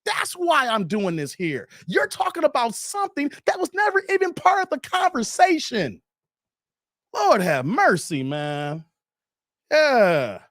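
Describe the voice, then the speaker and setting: Man, thirties, live stream host, ranting, profane, repetitive, high voice, lively pitch, dry sound. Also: a little slow, no room sound. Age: 30s. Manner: blunt, profane, emphatic, repeats himself; swings between loud high bursts and low mutters. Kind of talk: ranting commentary to a live chat.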